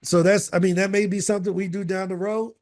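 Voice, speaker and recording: High-pitched guy coaching a course group on a video call, energetic, keeps saying right. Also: quick pace. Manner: energetic, repetitive, fond of rhetorical "right?".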